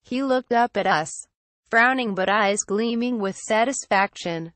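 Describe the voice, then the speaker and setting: A woman reading a first-person horror story aloud in a steady storytelling manner. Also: on the high side, a little slow, no room sound. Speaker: narrator. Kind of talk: scripted horror story narration.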